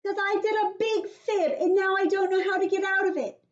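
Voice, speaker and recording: A woman voicing a loud, impatient little girl in a storybook read-aloud, whiny and dramatic. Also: very high voice, steady tone, a little fast, highs cut off, voice pushed up. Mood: yelling.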